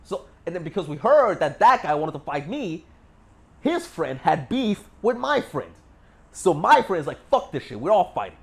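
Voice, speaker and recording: Boastful young man with a lively voice. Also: sits high, a little slow, vocal fry. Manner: boastful, swearing, rambling with many fillers. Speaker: vlogger. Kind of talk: casual storytelling.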